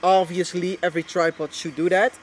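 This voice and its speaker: A man's voice: sits high, little pitch movement, a little fast. A young man, a wildlife filmmaker, chatting casually about his camera gear, restarting and repeating phrases as he goes. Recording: faint background noise.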